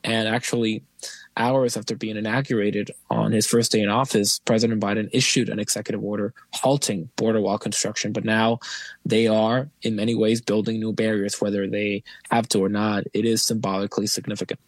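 Flat, low-voiced male reporter. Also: brisk, no echo, poor audio. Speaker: immigration reporter. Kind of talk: news analysis.

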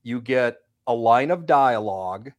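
A man's voice: medium pitch, expressive, a little slow. Chatty self-deprecating male theater guest. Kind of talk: casual radio interview chat.

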